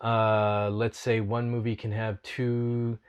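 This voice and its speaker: A man's voice: on the low side, completely flat delivery, slow pace, smooth, lo-fi sound. A man hosting a casual podcast chat, talking in an earnest, reflective way and laughing often. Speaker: podcast host.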